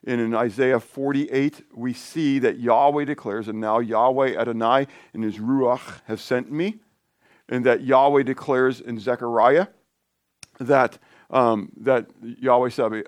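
A man preaching an informal sermon in a conversational, rambling way, with asides and restarts that turn lively and high when he gets excited. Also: no echo, studio quality. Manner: lively, rising pitch when animated.

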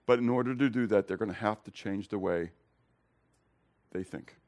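A pastor preaches an expository sermon to his congregation at a moderate pace. His style is conversational, with direct questions to the listeners, and he shifts between loud emphasis and quiet, low remarks.

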